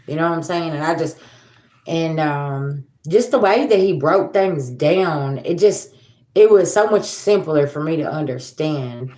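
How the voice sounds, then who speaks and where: A blunt, sassy woman in her forties ranting casually to her livestream viewers. Her voice sits fairly low, and she swears freely. The sound is echoey, like a bare room at home. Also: measured pace, a little mellow. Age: 40s. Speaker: tarot reader and livestream host.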